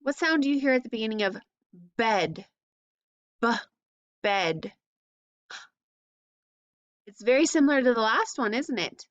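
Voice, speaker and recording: A woman teaching phonics to young children, sounding out letters slowly and asking encouraging questions. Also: on the high side, expressive, no echo, dull audio.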